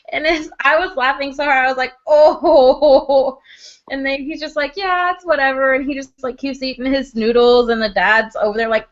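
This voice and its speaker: A high-pitched young woman chats casually about a drama she is watching. She gushes, laughs easily and slips into the characters' voices as she retells scenes. The recording sounds a little dull and lo-fi. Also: a bit bright. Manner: gushing, quick to laugh, acts out characters' lines. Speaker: drama reviewer. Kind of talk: casual chat.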